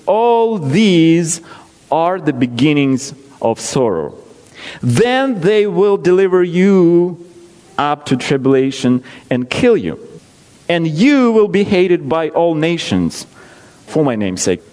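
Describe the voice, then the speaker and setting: Man, preacher, sermon, slightly high voice, slow emphatic reading, reverberant hall. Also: sing-song, darkish tone.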